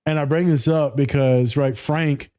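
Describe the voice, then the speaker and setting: A man's voice: on the high side, fairly even intonation, a little slow, mellow, no echo, studio quality. A man co-hosting a podcast, telling a story in casual chat, laughing often and swearing freely. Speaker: podcast co-host.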